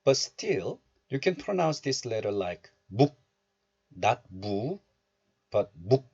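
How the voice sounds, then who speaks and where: A man hosting a language channel, explaining pronunciation slowly and repeating sounds for learners. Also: mid-range voice, very animated, darkish tone, slightly rough, dull audio. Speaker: Korean language teacher, channel host. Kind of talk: explaining phonics lesson.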